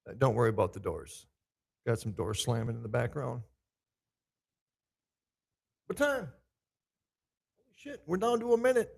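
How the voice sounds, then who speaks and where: A man's voice: medium pitch, animated, moderate pace, gravelly, pauses often, breathy edge. A man hosting a podcast, chatting loosely and profanely to himself and his listeners while he sets up a live show in a big echoey room. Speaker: podcast host. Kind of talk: casual pre-show chat.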